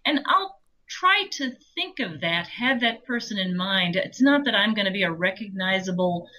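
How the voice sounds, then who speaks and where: A woman audiobook narrator talking casually as an interview guest, telling animated stories with laughs. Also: mid-range voice, moderate pace, poor audio. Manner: chatty, animated storytelling with laughs.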